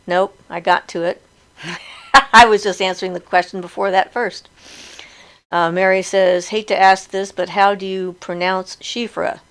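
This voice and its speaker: A woman's voice: medium pitch, steady tone, measured pace. A middle-aged woman hosting a casual live chat, talking freely and laughing often as she reads viewer comments aloud.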